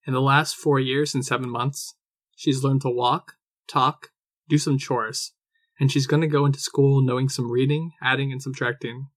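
A man reading aloud, voicing a tired father who speaks calmly and firmly. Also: mid-range voice, normal speed, no room sound, studio quality, close to an everyday voice. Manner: calm, level, tired. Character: weary adult man, calm and firm.

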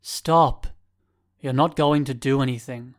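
A numb, shaken young man, as a narrator voices him, his voice rough and strained. He speaks slowly, each word weighed down. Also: medium pitch, fairly even intonation, lightly acted. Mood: urgent.

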